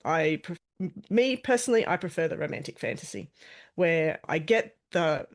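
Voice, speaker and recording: Low-ish woman's voice, author guest explaining stuff, chatty, lots of restarts. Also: animated, moderate pace. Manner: chatty, self-correcting, explanatory. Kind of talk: casual interview chat.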